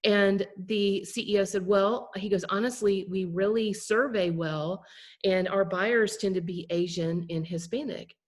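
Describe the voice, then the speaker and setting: A woman's voice: mid-range voice, fairly even intonation, measured pace. A woman presenting a class over a video call, telling a story conversationally and checking in with her listeners. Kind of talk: storytelling lesson.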